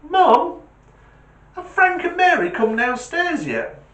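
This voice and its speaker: A man voicing a cheeky, quick-witted little boy who delivers crude punchlines. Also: big pitch swings, fairly bright tone, exaggerated voice. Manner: high-pitched, cheeky, emphatic punchlines. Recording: echoey room.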